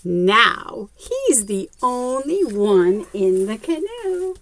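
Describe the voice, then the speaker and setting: A woman reading a picture book aloud to children, her pitch leaping around animatedly. She takes her time and talks to the little listeners directly, gasping at every surprise. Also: drawn-out words. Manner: expressive, child-directed, frequent gasps; talks directly to young viewers. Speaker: children's story reader.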